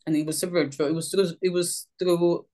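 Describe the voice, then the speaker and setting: A woman's voice: lowish voice, steady tone, brisk, warm tone. A woman social worker from Puerto Rico, telling her story as a podcast guest in a chatty way, full of "you know" and "um". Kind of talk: casual storytelling.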